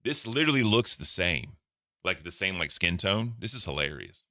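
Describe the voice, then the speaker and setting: Low-voiced, excitable streamer man. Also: normal speed, a loud crowd. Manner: profane, laughing, talks to chat. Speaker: streamer reacting to clips. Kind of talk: casual reaction commentary.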